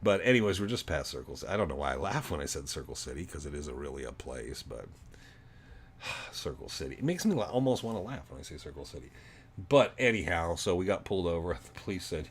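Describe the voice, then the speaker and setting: A man's voice: low-pitched, big pitch swings, quick pace, slight background noise. A middle-aged man from Arizona hosting a livestream, chatting casually and rambling with many ums. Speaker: livestream host.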